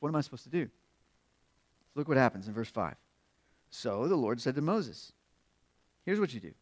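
Male preacher, fairly high voice, expository sermon with dramatic shifts between hushed and loud. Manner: expository preaching, acts out quotes with rising pitch and volume; drops to hushed tones on key points.

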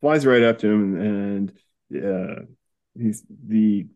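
A man's voice: lowish voice, slow pace, darkish tone, dull audio. A man co-hosting a podcast, rambling through a comic story in casual chat, laughing often and reading quotes aloud. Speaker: podcast co-host.

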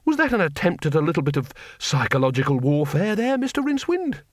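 A man reading an audiobook, voicing a polite, diplomatic teacher who speaks in a mild, measured way. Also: fairly high pitch, wildly swooping pitch, no room sound, clean studio sound, pitched above the performer's own voice. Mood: courteous.

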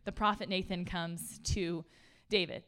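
A woman giving a casual, conversational sermon to a room of listeners. She is chatty and animated, laughs often, and says "like" a lot. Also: lowish voice, a little slow, clear, resonant tone. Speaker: speaker at a church gathering.

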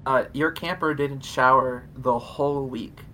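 A man co-hosting a podcast, chatty and quick to laugh in casual conversation. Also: mid-range voice, steady tone, sharp tone, a little hiss or hum. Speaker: podcast co-host. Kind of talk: casual chat.

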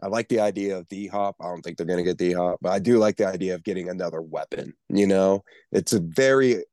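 A man with a low voice talks sports in a loose, rambling way, tripping over his words as he goes. His voice sounds dry and close, with no room around it. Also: a little fast, a little mellow, no room sound. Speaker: podcast co-host. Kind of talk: casual sports chat.

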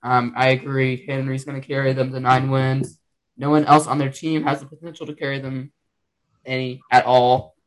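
A young man giving football predictions at a middle pitch on a casual podcast. He hesitates often, filling pauses with ums, and tends to agree with his co-host. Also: flat delivery, poor audio. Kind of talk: casual sports chat.

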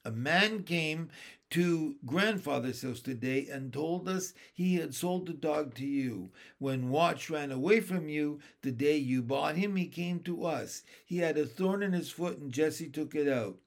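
A man's voice: a little high, unhurried, gravelly. A man reading aloud, voicing an earnest, sensible older brother in a storybook. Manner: polite, explaining.

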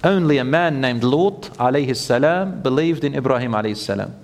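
A man preaching an animated storytelling sermon, acting out quotes and chanting scripture. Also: medium pitch, a little fast. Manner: animated, acts out quotes, chants Quran verses. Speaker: Islamic preacher. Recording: long hall reverb.

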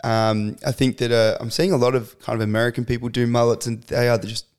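Young Australian male guest, relaxed and chatty, heavy on slang and fillers. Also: mid-range voice, fairly quick, clear, resonant tone. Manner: laid-back, lots of fillers and slang. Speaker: podcast guest. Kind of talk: casual chat.

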